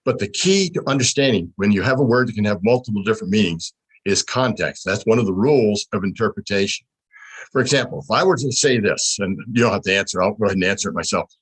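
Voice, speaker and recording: Husky low-voiced man teaching on a call. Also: expressive, fast talker, rough recording. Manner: teaching, asks rhetorical questions. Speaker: panel speaker. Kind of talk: explaining in a panel discussion. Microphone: video call.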